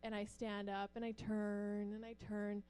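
A woman's voice: unhurried, clear, resonant tone, soft background music. A middle-aged pastor's wife telling personal stories to a church audience, acting out the voices in her stories. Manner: animated, acts out quoted voices with rising pitch.

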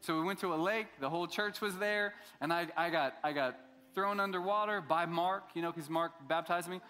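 Middle-aged male pastor; relaxed, joking storyteller who acts out quotes; mid-high voice with long hall reverb. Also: fairly quick. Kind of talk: sermon.

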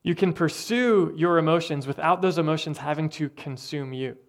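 A man preaching a sermon with earnest, conversational delivery and thoughtful pauses. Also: a little high. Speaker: pastor.

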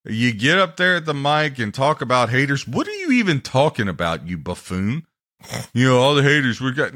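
A man hosting a sports podcast, ranting and mocking teams and players in a loud, heated way. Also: mid-range voice, sing-song, fairly quick. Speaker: podcast host.

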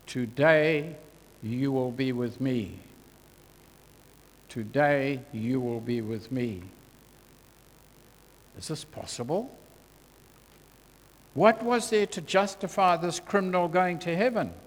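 A man preaches at a slow, measured pace, his voice carrying a long reverb through a church hall. He sounds earnest and deliberate, and he goes quiet and gentle whenever he quotes scripture. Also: mid-range voice, expressive. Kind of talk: sermon.

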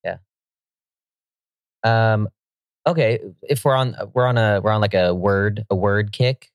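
A man's voice: fairly low pitch, fairly even intonation, a little slow, clean tone, no echo. A man co-hosting a casual podcast chat, joking with playful asides. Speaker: podcast co-host.

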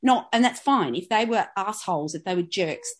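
A woman co-hosting a podcast, chatting casually in an expressive, self-deprecating way. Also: medium pitch, normal speed. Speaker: podcast co-host. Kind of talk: casual chat.

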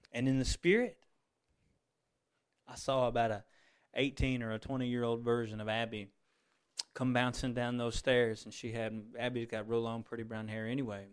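A middle-aged man preaching a sermon, moving between fervent exclamations and quiet, tender storytelling. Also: medium pitch, fairly even intonation, normal speed, pauses often, smooth.

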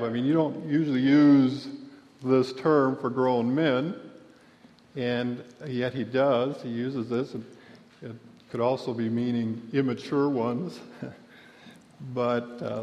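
A pastor preaching a sermon, telling the story and voicing the people in it with a raised voice. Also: male voice, medium pitch, a little mellow. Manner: storytelling, acts out quotes with raised voice. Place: church sanctuary. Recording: dull lo-fi church recording with long reverb.

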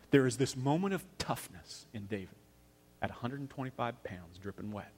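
A man preaching a sermon, telling a story with dramatic swings from loud to hushed and acting out the characters' lines. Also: fairly low pitch, animated, normal speed, a little hiss or hum. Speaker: pastor.

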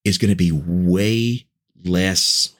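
Deep-voiced earnest man, podcast chat. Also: fairly even intonation, takes it slowly. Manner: earnest, persuasive, building points in lists. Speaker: preacher and podcast guest. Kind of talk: conversational podcast talk.

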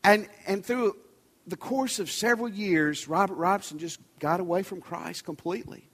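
A man with a high voice preaches in a conversational way to a large congregation. His urgent pleas sometimes sink to a soft near-whisper. The long reverb of a big church sanctuary hangs on every phrase. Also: normal speed, slightly rough. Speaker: pastor. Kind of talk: sermon.

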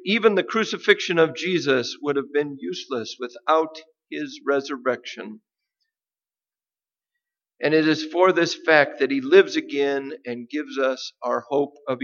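A man preaching a sermon, deliberate and emphatic, with dramatic pauses. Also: mid-range voice, fairly bright tone, muffled recording. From United States. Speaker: pastor.

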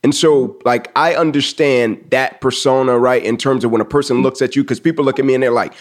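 A man's voice: mid-range voice, fairly even intonation, a little fast. A man hosting a podcast interview, enthusiastic and affirming, with frequent "right?" and "like" in his speech. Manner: enthusiastic, affirming, peppered with 'right?' and 'like'. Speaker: podcast host. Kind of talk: casual interview conversation.

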